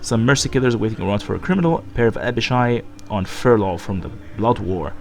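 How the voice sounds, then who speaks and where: A man's voice: fairly low pitch, quick pace, creaky. A man who is feeling ill, rambling through gameplay commentary and reading game dialogue aloud. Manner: rambling, thinking aloud with many fillers. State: sick. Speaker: let's play host.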